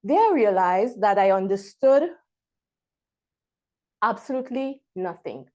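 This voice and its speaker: A woman from Trinidad and Tobago, giving a prepared speech over a video call and pausing dramatically between words. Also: medium pitch, animated, a little mellow. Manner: dramatic pauses, emphatic word-by-word delivery. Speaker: club member giving a speech.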